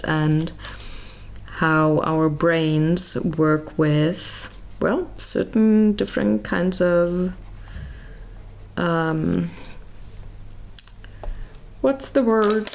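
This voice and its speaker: A woman's voice: low voice, drawn-out words, gravelly, long pauses, darkish tone. A woman chatting casually while she colours, rambling and searching aloud for words, with self-mocking asides. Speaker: colouring vlogger.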